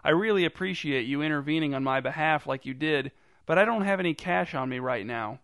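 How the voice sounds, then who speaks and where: A man voicing a gentle, polite woman who speaks apologetically. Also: fairly high pitch, a little fast, dry recording, clean studio sound. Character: flustered, gentle woman walking her dog.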